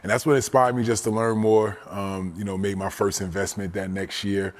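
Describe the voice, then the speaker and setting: A man in his forties, a guest telling a personal story in a casual, animated way. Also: fairly low pitch, moderate pace. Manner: animated storyteller, often says "you know what I'm saying".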